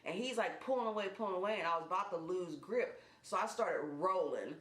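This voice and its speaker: A woman telling a personal story in casual vlog style, animated and speeding up in quick bursts. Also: on the low side. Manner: animated, fast bursts when retelling action. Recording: echoey room.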